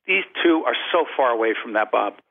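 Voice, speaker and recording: A man's voice: mid-range voice, animated, a little fast. A man talking as a radio interview guest about leadership, emphatic and driving his points home by repeating phrases. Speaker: guest, leadership and communication author. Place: call-in to satellite radio show. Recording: phone-line quality.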